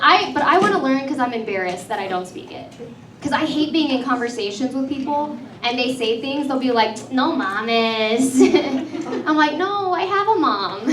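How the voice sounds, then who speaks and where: A woman's voice: high voice, echoey room, far from the mic. A woman in her thirties from Texas, hosting a stand-up comedy show and riffing with the crowd in a chatty, self-mocking way. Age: 30s. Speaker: comedy host.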